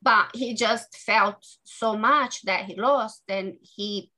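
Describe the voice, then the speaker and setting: An earnest woman, the author being interviewed, speaks haltingly and repeatedly restarts what she's saying. She has a bright, forceful voice in the mid range, recorded with poor audio.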